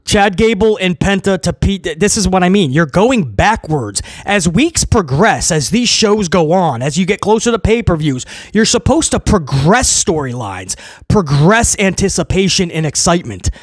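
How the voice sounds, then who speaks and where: In a casual spoken review of a wrestling show, a man is blunt and emphatic, piling up repeated phrases. His voice sits fairly high for a man, with lively intonation and normal speed. The sound is dry and close, with no room and no echo.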